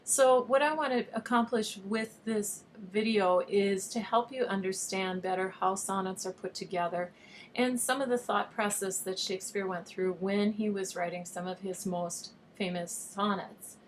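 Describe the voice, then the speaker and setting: A woman's voice: mid-range voice, fairly even intonation, moderate pace, slight background noise. A woman teacher giving a patient, explanatory recorded video lesson, at times reading verse aloud with an overstressed rhythm. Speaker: online high school teacher.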